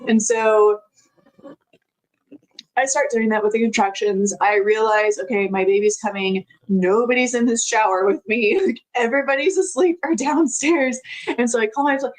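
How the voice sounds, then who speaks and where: Chatty woman, slightly high voice. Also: steady tone, normal speed, low-quality recording. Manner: chatty, laughs often, many filler words. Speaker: podcast guest. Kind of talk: casual personal storytelling.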